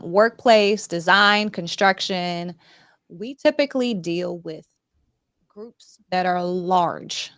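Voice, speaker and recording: A woman hosting an interview, asking questions in a friendly, halting way with many fillers. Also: fairly low pitch, no room sound, clean studio sound. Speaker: interview host. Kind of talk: conversational interview.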